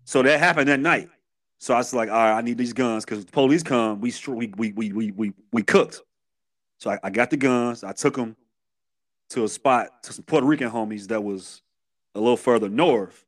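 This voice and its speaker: In a fairly bright mid-range voice at an ordinary pace, a man from Chicago in his thirties looks back on his past as a podcast guest. His accent is pure Chicago, and his storytelling is candid and streetwise, with plenty of restarts.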